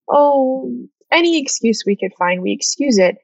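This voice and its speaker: Woman, former therapist, emphatic, quick interjections, dry sound, slightly muffled audio. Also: high voice, expressive, no echo. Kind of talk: casual podcast conversation.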